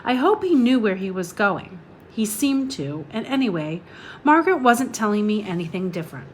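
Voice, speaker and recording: A woman reading a children's novel aloud, steady and calm, dropping softer at times. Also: mid-range voice, normal speed, slight background noise.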